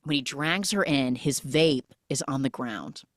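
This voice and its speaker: A woman with a low voice recaps a movie for a podcast in an animated storytelling style. She keeps switching into quotes from the characters. The recording is dry and close. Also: a little slow, dry recording. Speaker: podcast host.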